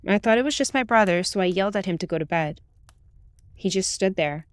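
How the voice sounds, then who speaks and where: A woman reading a true ghost story aloud in the first person, with calm, steady storytelling. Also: mid-range voice, a little fast, dry recording. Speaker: narrator. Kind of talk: scripted ghost story narration.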